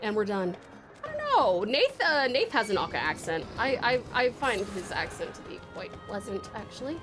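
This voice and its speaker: A woman's voice: medium pitch, big pitch swings, normal speed, music in the background. A young Australian woman streaming a game, chatting in a bubbly, giggly way and swearing freely. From Tasmania, Australia. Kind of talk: casual game stream chat.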